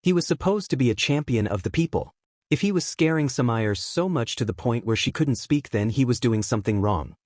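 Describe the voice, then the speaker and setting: Steady male fan fiction narrator. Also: mid-range voice, brisk, no room sound, clean studio sound. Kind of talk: fan fiction audiobook reading.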